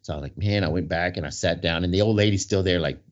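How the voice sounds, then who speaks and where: Male storyteller with a low voice, loose and rambling, heard on dull lo-fi audio. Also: fast. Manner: rambling, full of "right?" and restarts. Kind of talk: casual storytelling in conversation. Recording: dull lo-fi sound.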